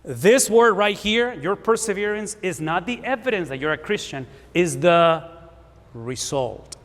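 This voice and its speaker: Preacher, fifties, male, Spanish accent, high-pitched, roomy hall reverb. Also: animated, unhurried. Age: 50s. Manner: emphatic, repeats words for stress, asks the room. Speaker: pastor. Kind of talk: sermon.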